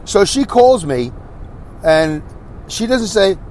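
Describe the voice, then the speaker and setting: A man hosting a podcast, rambling through a casual, animated monologue and slipping into quick impressions. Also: high voice, a little hiss or hum. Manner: animated, rambling storyteller who slips into impressions. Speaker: podcast host.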